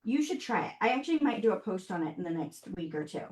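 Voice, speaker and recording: A woman's voice: medium pitch, big pitch swings, quick pace, a little mellow, roomy sound. A woman hosting a live online craft workshop, talking to viewers in a chatty, upbeat way as she works. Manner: chatty, upbeat, talks to viewers while working.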